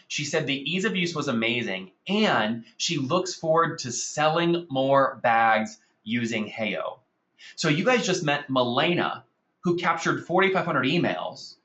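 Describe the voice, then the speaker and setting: An energetic man leads an online marketing webinar, pitching results to his audience. His voice is bright and forceful. The audio is dull and lo-fi, with an echoey room around him. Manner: energetic, salesy, addresses audience as guys. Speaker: webinar host.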